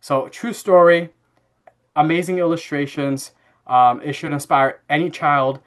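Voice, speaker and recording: A man in his thirties tells a family anecdote in easy conversational rhythm. He leans on fillers and restarts, and his voice sits slightly on the higher side. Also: measured pace. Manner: animated anecdote-telling with frequent fillers and laughs. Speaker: podcast guest. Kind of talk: casual interview storytelling.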